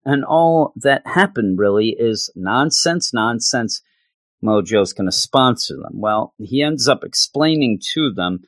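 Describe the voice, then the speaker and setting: A man's voice: medium pitch, lively intonation, unhurried, fairly bright tone, dry recording. A man hosting a podcast, recapping a comic in a sarcastic, exasperated way with stammering restarts. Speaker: podcast host. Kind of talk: casual comic book recap.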